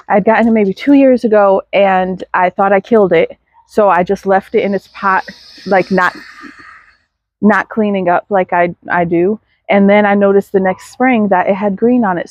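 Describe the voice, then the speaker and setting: A woman's voice: medium pitch, no room sound, highs cut off. A woman gives a casual outdoor garden tour, chatting to viewers and talking to her plants. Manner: chatty, self-deprecating, talks to viewers and plants. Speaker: garden vlogger.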